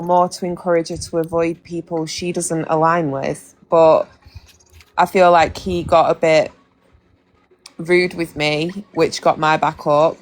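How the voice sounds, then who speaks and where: A woman's voice: low voice, a little hiss or hum. A young British woman chatting casually on a live stream, blunt and candid, swearing freely. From Britain. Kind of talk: casual chat.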